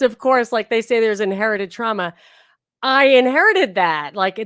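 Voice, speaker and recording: A woman's voice: on the high side, dry recording, studio quality. A woman hosting a podcast, chatting casually and digressively about a book, often restarting her sentences. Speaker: podcast host. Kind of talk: casual book reading and discussion.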